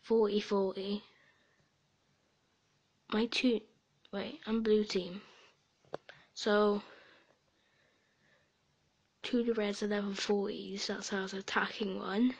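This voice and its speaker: Young woman gaming streamer, unhurried, giggly, chatty, slips into whispers. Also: mid-range voice, little pitch movement, vocal fry, breathy edge. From Sweden and Britain. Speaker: gaming video creator. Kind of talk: casual game commentary.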